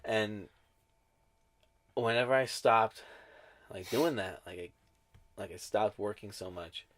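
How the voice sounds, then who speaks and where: Young male co-host, low voice, laid-back and reflective, casual podcast chat. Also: slow pace, fairly bright tone.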